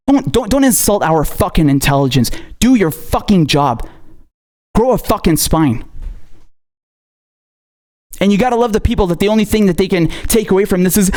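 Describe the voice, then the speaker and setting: A man angrily ranting as a political commentator, swearing constantly and mocking his targets. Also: sits high. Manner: profane, furious ranting with sarcastic mock quotes. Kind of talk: angry political rant.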